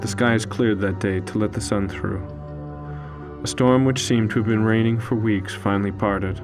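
A man narrating a story in the first person, in a slow, solemn, hushed way. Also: on the low side, fairly even intonation. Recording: faint music underneath.

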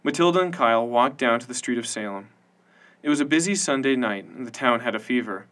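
A man narrating a science-fiction audiobook in an even, measured storytelling manner. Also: mid-range voice.

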